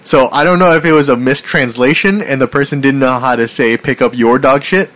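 A man's voice: mid-range voice, brisk, a bit bright. A man hosting a podcast, chatting casually and reading news aloud, laughing often and swearing freely. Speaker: podcast host.

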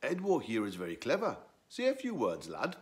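A man's voice: mid-range voice, huge pitch swings, normal speed, darkish tone, pitched above the performer's own voice. A man voicing a cheeky, know-it-all male donkey in a storybook, brash and cocky.

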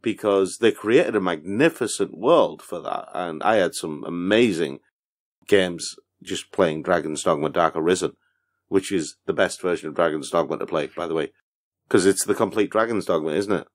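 A man's voice: sits low, moderate pace. A man co-hosting a casual podcast, playful and mock-dramatic. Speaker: podcast producer and co-host. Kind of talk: casual chat.

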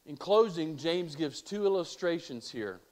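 A man's voice: a little high, expressive, unhurried. A male pastor preaching a sermon, asking rhetorical questions and reading scripture aloud.

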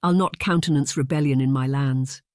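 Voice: mid-range voice, steady tone, moderate pace, a little mellow, no echo, clean studio sound, close to an everyday voice. A narrator putting on a bellowing drunken Scottish laird. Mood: angry bellowing. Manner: blustering, bellowing. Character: angry drunken Scottish laird, middle-aged man, bullying.

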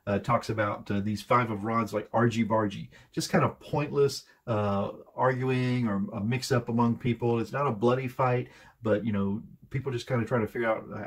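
A man's voice: mid-range voice, fairly even intonation, normal speed, a little hiss or hum. A man giving a casual, rambling tarot card reading, full of hesitations and fillers as he talks through each card. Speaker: tarot reader.

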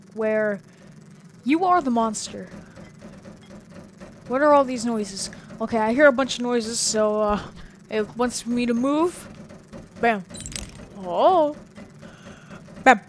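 A woman's voice: on the high side, slight background noise. A woman casually commenting as she plays a horror game, chatty and giggly, talking to the characters on screen. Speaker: gaming video host. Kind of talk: casual let's-play commentary.

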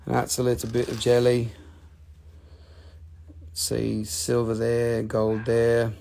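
Man, mid-pitch, fry-heavy, casual profane live-sales host, tired scratchy voice. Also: slow. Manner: chatty, profane, excitable salesman talk. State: voice getting scratchy from hours of talking. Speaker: host selling rocks and gems on a live stream.

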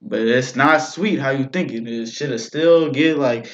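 A young man giving casual reaction commentary, relaxed and slangy, leaning on "bro" and "man" as he talks. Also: medium pitch, a little slow, a little hiss or hum. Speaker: reaction video host. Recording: dull lo-fi recording. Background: faint rap music playing.

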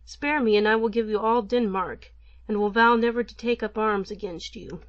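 A woman's voice: on the high side, fairly even intonation, moderate pace, muffled recording, lightly acted. A woman voicing a hungry young boy prince who begs in a raised, pleading voice.

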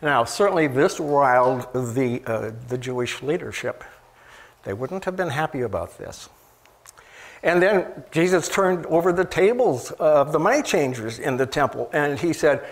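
Gravelly-voiced man preaching conversationally. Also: on the high side, animated, a little slow. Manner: conversational, rhetorical questions, many fillers and restarts. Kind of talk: sermon.

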